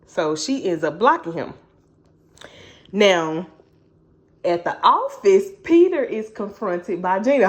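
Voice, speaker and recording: Brief: woman book vlogger, lively pitch, chatty slang. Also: slow pace, pauses often. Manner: animated, chatty storytelling with slang. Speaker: book reviewer. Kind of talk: casual book recap.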